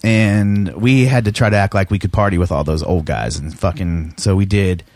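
A man's voice: low voice, moderate pace, darkish tone, no room sound. A middle-aged man telling rambling, profane stories in casual chat, laughing as he goes. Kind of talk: casual storytelling.

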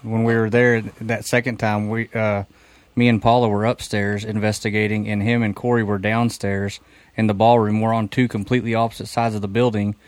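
A man, a paranormal investigator, calmly recounting events as a podcast guest. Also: fairly low pitch, dry recording. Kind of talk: casual storytelling on a podcast.

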